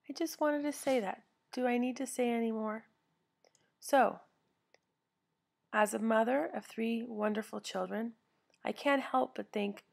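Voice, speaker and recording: A woman's voice: mid-range voice, fairly even intonation, normal speed, gravelly. A middle-aged woman telling a story to camera in a casual, earnest way from her living room at home, often correcting herself as she goes. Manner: chatty, earnest, with self-corrections. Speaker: vlogger.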